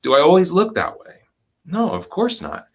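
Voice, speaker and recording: A man leads a live online workshop in a gentle, reflective voice, slowing right down on the phrases he wants to land. His delivery is calm and encouraging as he picks up comments from the chat and answers them. The tone stays soft and unhurried throughout. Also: high-pitched. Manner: gentle, reflective, with slow deliberate stretches and soft laughs. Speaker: presenter and educator.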